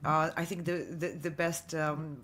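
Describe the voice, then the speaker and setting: Hesitant low-voiced woman moderator. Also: flat delivery, measured pace, fairly bright tone. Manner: hesitant, many fillers. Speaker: panel moderator.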